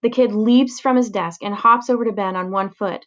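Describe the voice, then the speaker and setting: A woman reading a children's chapter book aloud in a clear, steady storytelling voice. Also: medium pitch, moderate pace, highs cut off. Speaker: reader.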